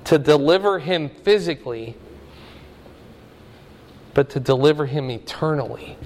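A pastor whose voice sits a little high teaches what Greek words mean during his sermon, building in emphasis, with the sound of a large room around him.

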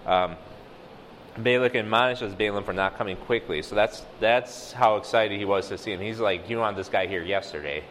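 A man's voice: fairly low pitch, moderate pace, a bit bright, big-room sound, a little hiss or hum, poor audio. A man teaching a casual sermon, talking through a passage with many fillers and acting out quoted dialogue. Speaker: lay preacher.

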